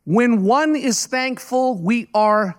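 A man preaching a sermon as pastor, telling stories in a conversational, earnest way with halting restarts. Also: very high-pitched.

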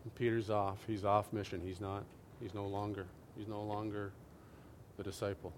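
Animated male preacher, loud then hushed. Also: on the low side, normal speed, a little hiss or hum. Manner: animated storyteller, swings from loud to hushed, asks "right?" often. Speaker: pastor. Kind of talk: sermon.

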